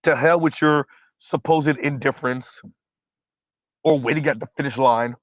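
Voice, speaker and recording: A man's voice: medium pitch, normal speed, long pauses, no echo, lo-fi sound. A man hosting a livestream, speaking bluntly and emphatically, repeating his points, and stumbling over fillers while he recalls names. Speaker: livestream host. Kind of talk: casual livestream commentary.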